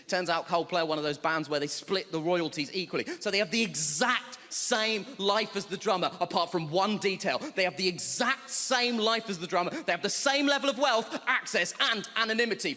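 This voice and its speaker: A man doing a stand-up comedy set, building to his punchlines in a dry, deliberate way. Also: a little high, pushed and bright, long reverb tail.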